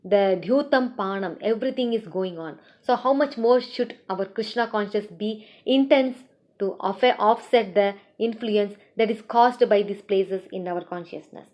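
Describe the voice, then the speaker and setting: A woman teaching a scripture class, retelling stories in a lively way and asking her students questions, on a dull lo-fi recording. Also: mid-range voice, moderate pace. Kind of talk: storytelling scripture lecture.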